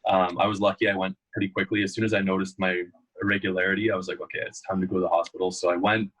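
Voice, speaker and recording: A young man with a low, husky voice talks in a loose, rambling way. He tells long stories and fills them with "like" and "uh". It sounds like a relaxed, casual interview. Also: very fast, rough recording. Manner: storytelling, loose and rambling with many fillers. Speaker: guest.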